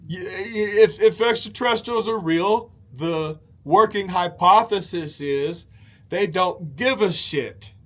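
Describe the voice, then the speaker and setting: A man's voice: sits high, slow pace. A man hosting a show, telling a rambling, casual story with many fillers, restarts and casual swearing. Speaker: show host.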